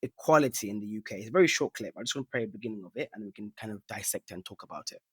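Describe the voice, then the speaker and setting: A man hosting a podcast interview, casual, with short affirming replies and relaxed setups. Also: on the low side, racing, breathy edge, no echo. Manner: brief affirming responses, relaxed. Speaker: podcast host.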